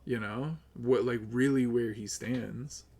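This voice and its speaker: A man streaming live, ranting with lots of swearing, upset and close to tears, swinging between loud outbursts and low mutters. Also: fairly even intonation, takes it slowly. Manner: profane, agitated, swings between yelling and muttering. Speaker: livestreamer.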